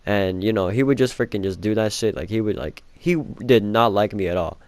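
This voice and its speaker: A man's voice: fairly low pitch, a little fast, a little mellow, no room sound. Young man swearing through a rambling story. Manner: rambling, heavy swearing, many "like" fillers. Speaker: vlogger. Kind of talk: casual storytime monologue.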